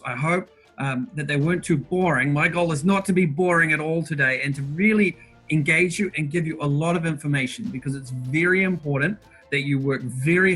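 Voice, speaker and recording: A man hosting an interactive online workshop from his bedroom over a video call, talking fast and upbeat and greeting participants by name. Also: fairly high pitch, a bit bright, slightly rough. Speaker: workshop host. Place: bedroom at home.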